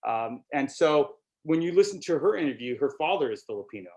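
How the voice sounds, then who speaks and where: Middle-aged male presenter, relaxed conversational delivery with frequent "you know" and "right?" tags, workshop talk on a video call. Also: a little high, a little fast.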